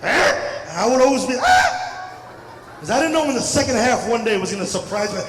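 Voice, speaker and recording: A middle-aged man from India doing a stand-up comedy set, talking loudly and playfully to the crowd. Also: very high-pitched, fast. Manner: loud, animated, playful crowd banter. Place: large hall at a community festival. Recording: echoey hall mic from a distance, crowd noise. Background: audience murmur and laughter.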